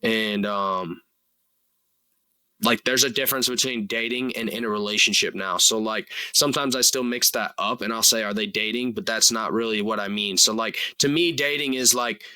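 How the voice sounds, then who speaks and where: A man's voice: fairly low pitch, normal speed, pushed and bright, clean tone, no echo, poor audio. A man in his twenties hosting a solo podcast, talking casually and earnestly in a rambling way, full of fillers and casual swearing. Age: 20s. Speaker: podcast host.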